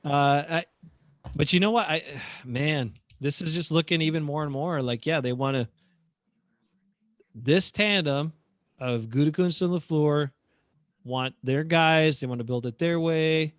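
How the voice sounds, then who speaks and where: A man's voice: a little high, measured pace, no echo, clean studio sound. A man co-hosting a casual sports chat show, opinionated and rambling with fillers. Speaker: podcast co-host.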